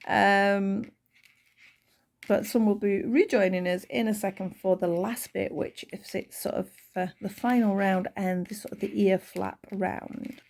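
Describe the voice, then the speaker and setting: A woman's voice: medium pitch, steady tone, a little slow, creaky, darkish tone. A woman with a Northern English accent, chatting casually while teaching a crochet project. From Northern England. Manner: chatty, rambling asides with fillers. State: voice tiring. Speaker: crochet tutor.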